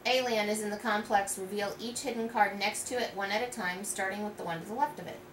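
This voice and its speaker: A woman calmly playing a tabletop card game, reading out card rules in a practical way. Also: mid-range voice, quick pace. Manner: calm, practical, reads card rules plainly. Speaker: board game player. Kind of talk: casual tabletop game playthrough. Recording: echoey room with clear background noise.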